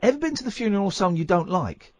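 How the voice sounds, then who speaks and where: A man's voice: high voice, very animated, darkish tone, no echo. A man hosting a radio show, chatting casually and teasing his co-host. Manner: playful, teasing, quick to joke.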